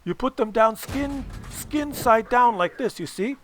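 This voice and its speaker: A man's voice: very high voice, animated, measured pace, a bit bright, a little hiss or hum, pitched above the performer's own voice, exaggerated voice. A man voicing his enthusiastic older father, who eagerly and insistently explains a cooking method. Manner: eager, insistent, repeats himself.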